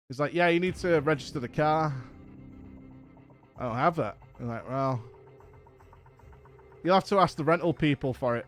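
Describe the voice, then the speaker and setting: A man's voice: on the high side, normal speed, long pauses, faint music behind. An English man telling a casual story as a streamer host, exasperated and swearing as he acts out each exchange. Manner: exasperated, profane anecdote with acted-out dialogue.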